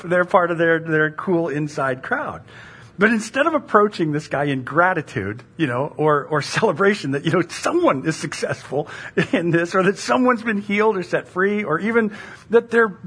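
A middle-aged woman delivers a sermon in a chatty, animated way, asking the congregation question after question. Her voice is a little husky, and her pitch rises and falls widely as she talks. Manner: animated, conversational preaching with rhetorical questions and laughs. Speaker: pastor.

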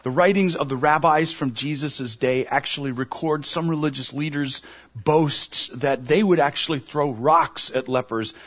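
A man preaching a sermon, earnestly retelling an imagined story and dropping to a hush at its emotional moments. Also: mid-range voice, breathy edge. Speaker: pastor.

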